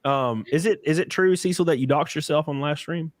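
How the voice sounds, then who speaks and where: A man hosting a podcast in casual chat, telling profane, animated stories with acted quotes. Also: fairly high pitch, a little fast, no room sound. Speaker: podcast host.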